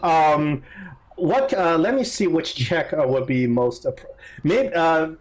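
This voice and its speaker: A man's voice: on the high side, expressive, takes it slowly, a little hiss or hum. Hesitant, laughing game master, man. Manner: hesitant, many fillers and laughs. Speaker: dungeon master. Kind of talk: narrating a tabletop game.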